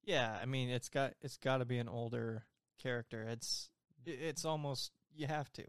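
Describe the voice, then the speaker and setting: A man co-hosting a podcast who talks in a relaxed, easygoing way and chimes in with laughs and agreement. His voice is at a middle pitch and the sound is dry and close. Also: moderate pace, clear, resonant tone, no echo. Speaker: podcast co-host. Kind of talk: casual chat.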